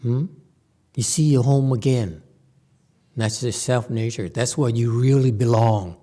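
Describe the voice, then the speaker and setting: A man's voice: medium pitch, warm tone. A man teaching a Buddhist sutra to a live group in a temple hall. He talks casually, stops often to check in with "okay?" and "hmm?", restarts his sentences, and makes dry jokes. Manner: halting restarts, playful asides. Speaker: Buddhist master giving a sutra lecture. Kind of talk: conversational Dharma lecture.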